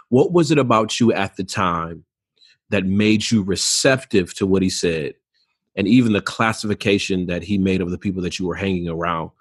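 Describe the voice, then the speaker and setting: A man's voice: low voice, moderate pace, breathy edge. A man hosting a podcast interview, asking his guest earnest, probing questions with friendly asides. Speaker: podcast host. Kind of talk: interview conversation.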